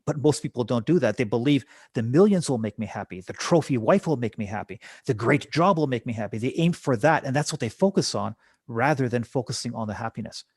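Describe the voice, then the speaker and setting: Guy on a podcast telling stories, asks lots of rhetorical questions, slightly husky higher voice, dry sound. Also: animated, a little fast, a little mellow, no echo. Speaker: guest. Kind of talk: conversational storytelling.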